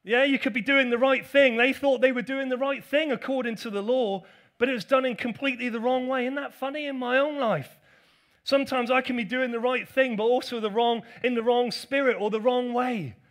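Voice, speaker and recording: A pastor preaching a sermon to a church congregation, telling the story with playful asides. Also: male voice, extremely high pitch, steady tone, brisk, fairly bright tone.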